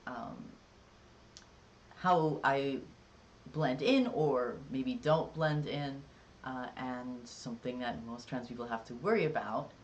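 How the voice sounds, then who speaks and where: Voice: mid-range voice, slow pace, a little hiss or hum. A live-streamer in casual chat, rambling and jokey, with lots of filler words. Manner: rambling and chatty, many "like"s and "um"s. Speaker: livestreamer.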